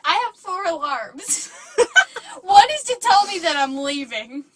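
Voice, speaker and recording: A woman's voice: extremely high pitch, big pitch swings, slow pace, heavy background noise. A young woman, a college student, co-hosting a podcast in casual chat, rambling and giggly with many "like"s and "um"s. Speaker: podcast co-host.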